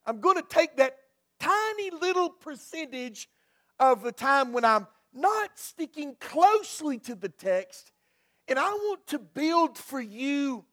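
A man's voice: extremely high pitch, fairly bright tone. A male pastor preaching a sermon, telling a folksy story and often repeating and restarting his words.

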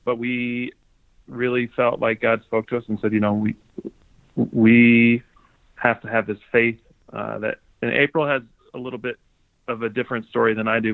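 A man's voice: medium pitch, creaky, no echo. A man guest sharing a personal story on a podcast in an earnest, thoughtful way. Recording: dry tinny phone-like sound.

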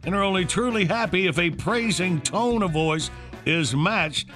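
Guy hosting morning radio, fairly high voice, laughs a lot, bit of music behind. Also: moderate pace. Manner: laughing, relaxed, lots of fillers.

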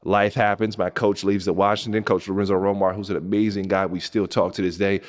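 In a brisk storytelling monologue, a podcast host in his thirties from Southern California shares a personal story. He's animated and emphatic, his voice rising high when he gets excited and dropping soft when he's moved.

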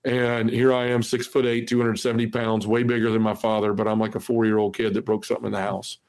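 This forty-something podcast guest talks fast in a lowish, slightly mellow voice with a level tone. Earnest and full of "you know," he relates his personal testimony and acts out the lines of the people in it.

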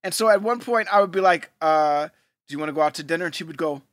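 A man's voice: a little high, fast, fairly bright tone, no echo, clean studio sound. A man co-hosting a podcast in laid-back casual chat, slangy and saying "man" often. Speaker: podcast co-host.

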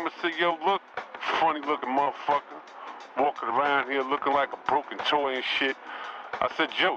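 A man's voice: mid-range voice, lightly acted. A man voicing a brash, profane parody of a basketball star, bragging and rambling in heavy street slang. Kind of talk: comedy sketch impression. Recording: muffled recording over loud music.

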